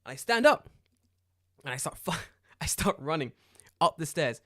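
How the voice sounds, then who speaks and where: A man, a podcast co-host telling a story in casual chat, animated and profane, acting out the dialogue loudly. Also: a little high, moderate pace, dry recording, clean studio sound.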